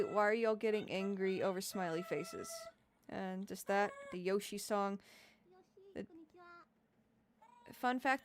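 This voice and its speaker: A young adult woman livestreaming, chatting casually, rambling, swearing a lot and laughing often. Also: on the high side. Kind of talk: casual live-stream chat reacting to comments.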